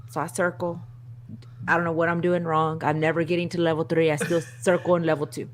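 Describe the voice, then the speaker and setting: A woman co-hosting a casual chat show, telling a story in an animated, self-mocking way and laughing often. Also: sits low, fairly quick, a little hiss or hum. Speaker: co-host.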